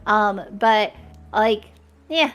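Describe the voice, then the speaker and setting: A chatty woman talks casually on a streamed creator chat, upbeat and laughing easily. Her pitch sits right in the usual middle range for a woman. She sounds like she is talking into a streaming mic. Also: extremely slow, a bit bright. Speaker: guest content creator.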